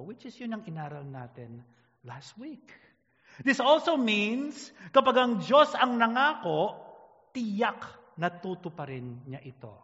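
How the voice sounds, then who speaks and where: Filipino male pastor, high voice, emphatic sermon delivery that fades at phrase ends, dull recording in a long-reverb hall. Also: fairly bright tone.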